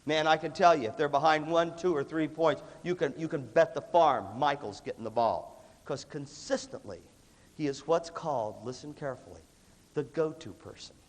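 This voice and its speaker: A man giving an animated motivational leadership talk to music students, emphatic and punchy, with a cough that breaks in now and then. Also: a little high, moderate pace. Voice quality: lively, emphatic delivery with repeated punchy phrases. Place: large hall with an audience. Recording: long reverb of a large hall.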